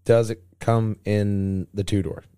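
Low-voiced joking co-host. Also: male voice, flat delivery, warm tone, smooth, no echo, studio quality. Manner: joking banter and quick reactions. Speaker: podcast co-host. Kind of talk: casual car-news chat.

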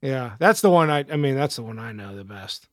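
A man's voice: medium pitch, lively intonation, a little fast, no room sound, clean studio sound. A man in a casual podcast chat, asking curious questions and musing.

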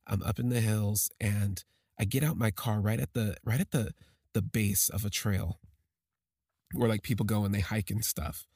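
Halting husky man telling a personal story. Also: lowish voice, fairly even intonation, a little mellow, no room sound, studio quality. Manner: halting, emotional, with many restarts. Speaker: podcast storyteller.

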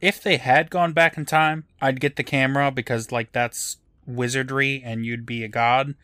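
Podcast co-host, man, mid pitch, dry recording, deadpan recap. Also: normal speed, no echo. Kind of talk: casual recap chat.

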